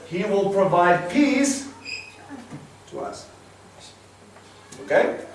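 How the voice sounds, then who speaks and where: Man teaching Bible in an echoey room. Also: on the high side. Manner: explains Hebrew words, quizzes the class. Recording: roomy, distant mic with faint hiss.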